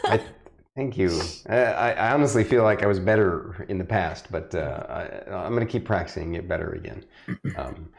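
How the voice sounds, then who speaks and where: A man's voice: deep voice, moderate pace, creaky. A man hosting a live tabletop game stream, chatting casually and laughing often. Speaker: game master and stream host.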